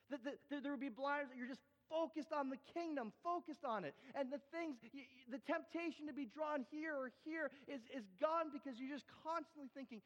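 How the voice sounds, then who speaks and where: A man preaching a sermon with props and demonstrations, animated and repetitive, stammering as he restarts. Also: very high-pitched, a little fast. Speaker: pastor. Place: church hall. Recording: dull sound in a large reverberant hall.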